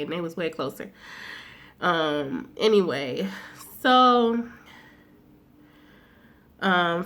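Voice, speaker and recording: A woman's voice: on the low side, a bit bright. A woman recapping a TV episode in a loose, chatty way, with plenty of fillers, slang and swearing. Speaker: TV recap vlogger.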